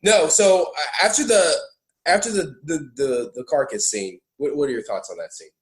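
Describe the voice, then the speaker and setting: A man hosting a podcast, chatting casually about a film, animated and laughing often, stumbling over restarts. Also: fairly high pitch, normal speed, reverberant, rough recording. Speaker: podcast host.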